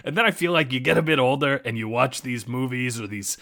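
A man riffing in improvised comedy banter, excitable and prone to loud outbursts. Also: mid-range voice, brisk, gravelly.

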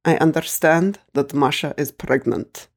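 A woman's voice: sits low, measured pace, gravelly, darkish tone, heavily acted. A woman voicing a frail, elderly Russian grandmother with a Russian accent who speaks broken English in solemn, suspicious pronouncements.

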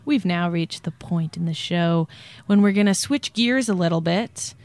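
A woman's voice: lowish voice, moderate pace, over loud music. A woman hosting a casual interview show, playful and blunt. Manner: playful, laughs often, blunt. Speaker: host.

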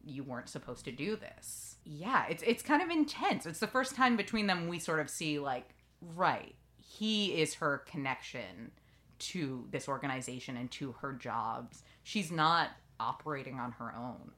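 Low-voiced woman hosting a TV recap. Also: a little slow. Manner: lively storytelling, acts out quotes. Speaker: podcast host. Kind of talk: casual TV recap chat.

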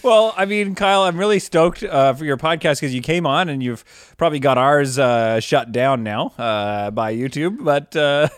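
Guy co-hosting a goofy comedy podcast, bit high, lots of uhs, laughs a lot. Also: normal speed, clean tone, no room sound, studio quality. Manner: laughing, hesitant, filler-heavy. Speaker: podcast co-host.

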